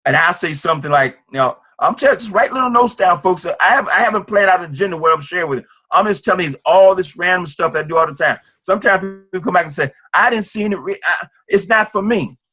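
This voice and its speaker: A man giving an informal sales training talk, fast and acting out sales calls. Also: sits high, sharp tone. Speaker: network marketing trainer.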